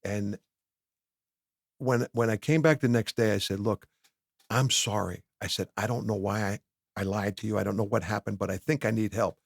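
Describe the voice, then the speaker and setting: Gravelly-voiced man telling his story. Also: lowish voice, brisk, dry recording, studio quality. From New Jersey. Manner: candid, animated storytelling with quoted dialogue. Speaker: podcast guest. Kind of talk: personal storytelling in a podcast interview. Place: podcast studio.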